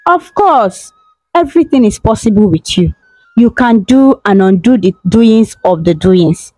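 A woman's voice: lively intonation, a little slow, mellow, no room sound, faint music behind, rough recording. A woman voicing an enraged queen mother who scolds and accuses in a storybook telling. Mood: outraged. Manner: shrill, scolding.

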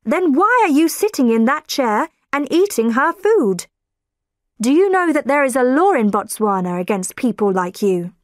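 A woman's voice: fairly high pitch, big pitch swings, a little slow, no echo, clean studio sound. A woman narrator voicing a clever middle-aged lady detective who speaks firmly and takes command. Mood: angry. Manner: firm and commanding.

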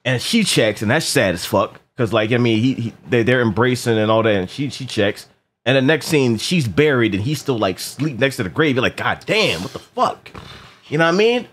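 Chatting casually about a movie, a man speaks a little fast at medium pitch. His delivery is lively and full of profanity, with frequent repeated words and lines acted out from the film.

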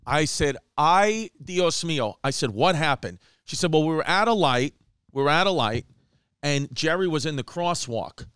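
A man hosting a comedy podcast, telling a rambling story with animated, profane energy. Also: fairly high pitch, moderate pace, clear, resonant tone, no room sound, clean studio sound. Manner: animated, profane, slips into mock voices and Spanish phrases. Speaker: podcast host.

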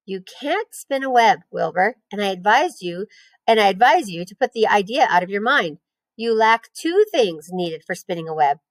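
A woman voicing a wise, patient female spider in a read-aloud story, calm and measured as she explains. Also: mid-range voice, dry recording, close to an everyday voice. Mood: gentle. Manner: calm, measured, gently teaching.

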